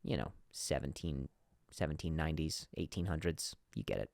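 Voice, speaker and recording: A man's voice: a bass voice, expressive, moderate pace, creaky, darkish tone, dry recording. A man hosting a comedy podcast, telling a bit with many restarts and repeated words, playing the people he describes. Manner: acts out quoted bosses and workers in shifting voices. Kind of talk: comedic monologue.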